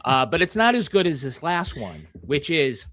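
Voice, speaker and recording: A man's voice: on the high side, very animated, normal speed, fairly bright tone, no echo. A man from Massachusetts with a Boston accent, a guest author in casual podcast conversation who tells stories at length and plays along with teasing.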